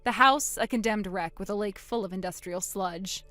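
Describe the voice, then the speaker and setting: A woman's voice: medium pitch, dry recording, close to an everyday voice. A woman voicing a cool, scheming older sister. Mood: cold. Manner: quiet, cool, deliberate. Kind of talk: dramatized text-message story.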